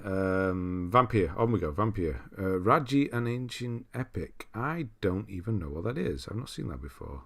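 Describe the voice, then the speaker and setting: A man's voice: sits low, expressive, moderate pace, creaky, few pauses, fairly bright tone. A young British man hosting a casual livestream, chatting loosely, reading out viewer comments and laughing often. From Britain. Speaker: livestream host.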